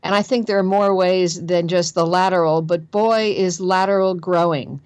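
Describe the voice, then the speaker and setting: A woman's voice: on the low side, steady tone, moderate pace, a little mellow, clear, resonant tone, dry recording. Earnest woman with a Jersey accent. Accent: New Jersey. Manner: earnest, emphatic, repeats phrases for stress. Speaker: guest author on careers. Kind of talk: conversational interview.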